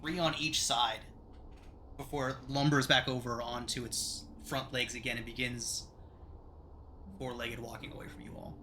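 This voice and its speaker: A man serving as game master, narrating a frozen tabletop adventure in a measured, descriptive way. His voice is bright and forward, with a faint hiss of noise underneath. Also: medium pitch, little pitch movement.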